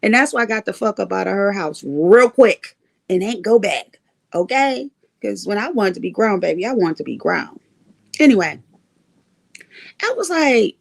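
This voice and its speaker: A woman chatting on her livestream in a high, gravelly voice. She tells stories with lots of energy, laughs often and swears freely. Her delivery is loose and unscripted. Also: animated, normal speed. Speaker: livestream host. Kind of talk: casual storytelling chat.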